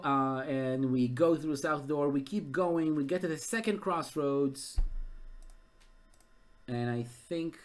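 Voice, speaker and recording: A man who runs a gamebook live as game master, thinking aloud and getting excited. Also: a little high, takes it slowly. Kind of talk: live-streamed gamebook narration.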